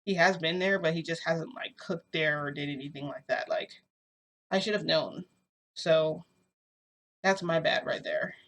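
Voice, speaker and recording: A woman telling a long story to her camera in a rambling, animated way, with lots of fillers, filmed indoors at home. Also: low-pitched, a little slow. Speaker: vlogger. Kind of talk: casual storytelling vlog. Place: indoors at home under a bright light.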